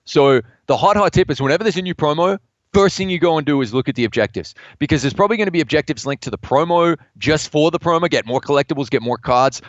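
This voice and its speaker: Australian man, podcast co-host, excitable, repeats himself, fairly high, bouncy voice, dry, slightly dull audio. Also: dry recording. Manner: excitable, repeats words, animated. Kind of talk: casual gaming podcast chat.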